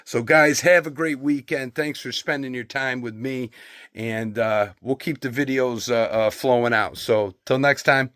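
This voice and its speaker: A man's voice: mid-range voice, a little slow, dry recording, clean studio sound. A man who sells used and antiquarian books, chatting casually as he shows off his finds and reads out their titles, tired after long days. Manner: chatty and relaxed, reading off book titles. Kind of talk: casual show-and-tell vlog.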